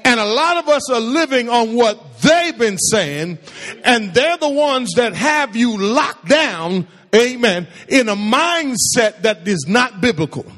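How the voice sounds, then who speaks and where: A man's voice: very high-pitched, lively intonation, takes it slowly, a bit bright, in a large hall. A man preaching a sermon to a congregation, firing questions at them and drawing call-and-response replies. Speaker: pastor.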